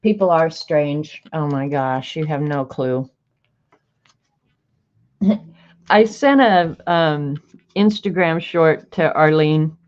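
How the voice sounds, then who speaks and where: A woman with a lowish voice hosts a relaxed art livestream, greeting viewers by name and reading snarky sayings aloud. Her chat is easygoing and chatty. The stream audio sounds a little dull and lo-fi. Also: slow, pauses often.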